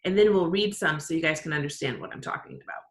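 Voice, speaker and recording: A woman teacher giving an online writing lesson to her class, upbeat and encouraging, explaining slowly. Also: sits low. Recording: roomy echo.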